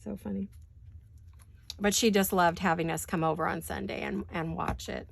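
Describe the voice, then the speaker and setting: A woman's voice: fairly low pitch, fairly even intonation, moderate pace, vocal fry, no echo. A middle-aged woman hosting a crafting video, chatting casually and laughing easily as she reminisces and works in her home studio.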